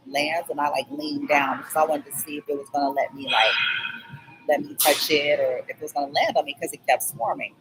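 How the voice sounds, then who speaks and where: A woman's voice: fairly low pitch, noisy background. A woman vlogger telling a rambling personal story, keeps checking in with "okay?" and skipping details with "blah, blah".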